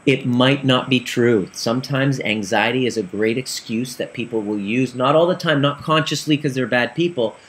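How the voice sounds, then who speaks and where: A man telling a client story in an earnest, animated way, acting out the dialogue as he goes. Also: mid-range voice, moderate pace, few pauses. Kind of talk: storytelling talk.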